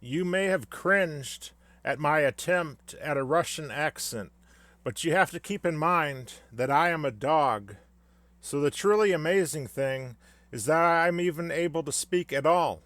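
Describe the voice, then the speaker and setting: A man's voice: fairly high pitch, unhurried, a bit bright, no room sound. A man delivering a scripted comedic rant in a sarcastic, mock-solemn way. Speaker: satirical commentator.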